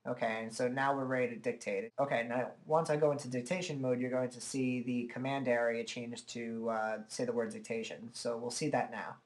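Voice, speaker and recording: A man's voice: medium pitch, a little fast, few pauses. Casual man explaining a computer demo. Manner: relaxed, chatty explaining with frequent "uh" and "okay". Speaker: software tutorial presenter. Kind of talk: casual screen-recorded software demo. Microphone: desk microphone at a computer.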